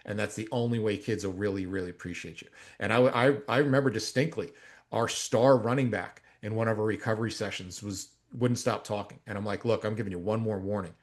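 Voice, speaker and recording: Animated storytelling man, low voice. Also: a little fast. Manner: animated storytelling, swings up loud when quoting himself. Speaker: strength coach and podcast co-host. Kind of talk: casual podcast conversation.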